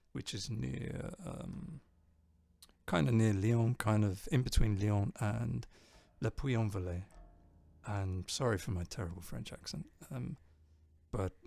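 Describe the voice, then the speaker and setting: A man playing bass on a live stream, chatting casually, reading viewer comments and joking at his own expense. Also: creaky, a little mellow. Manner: chatty, self-deprecating, laughs often.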